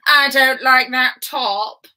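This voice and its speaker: A woman's voice: high-pitched, brisk, natural voice. A woman voicing a rude, vain, fashion-obsessed male emperor who drags out his sniffy complaints.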